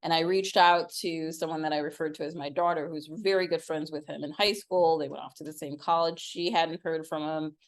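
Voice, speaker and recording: Low-pitched middle-aged woman telling a story. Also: fairly even intonation, brisk, few pauses. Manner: storytelling, acts out quoted lines with big pitch jumps. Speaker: podcast co-host. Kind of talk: casual chat.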